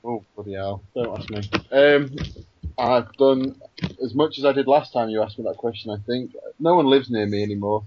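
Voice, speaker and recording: A man's voice: mid-range voice, normal speed. A man on a podcast as a guest, grumbling wryly in casual chat. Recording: dull audio with faint hiss.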